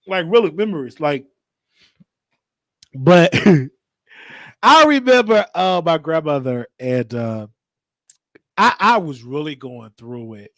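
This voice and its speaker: Brief: emotional, rambling show host from Chicago, gravelly voice, dry close recording. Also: male voice, a little high, lively intonation, unhurried, a bit bright, no room sound. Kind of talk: personal storytelling in an interview.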